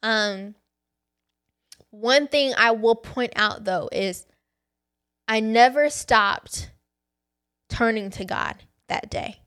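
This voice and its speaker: Woman, podcast host, faith testimony, conversational, candid, slightly high voice. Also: very slow, pauses often, fairly bright tone. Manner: candid and conversational, addresses listeners as y'all.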